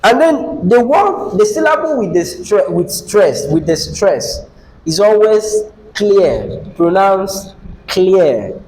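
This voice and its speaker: A man's voice: high-pitched, sing-song, takes it slowly, darkish tone, poor audio. A man teaching an English lesson, asking the class questions and repeating key phrases.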